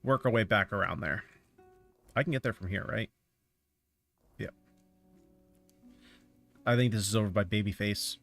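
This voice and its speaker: A man's voice: lowish voice, moderate pace, gravelly, long pauses, a bit bright, faint music behind. A man streaming a game, chatting casually and offering rambling, opinionated thoughts as he plays. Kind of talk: casual chat while playing a game.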